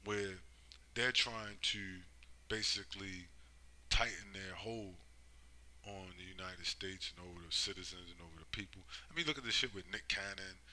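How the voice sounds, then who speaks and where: A man's voice: sits low, moderate pace, pushed and bright, a little hiss or hum, rough recording. A man giving a rambling, profane monologue, driving his points home with constant tag questions. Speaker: commentator. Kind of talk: casual monologue.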